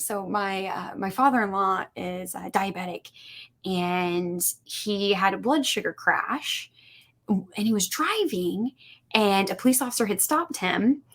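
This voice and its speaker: A woman guest on a podcast telling stories in casual conversation, acting out quoted dialogue with lots of "like" fillers. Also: medium pitch. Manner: animated, acts out quoted dialogue, many "like" fillers. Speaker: podcast guest, suicide prevention instructor.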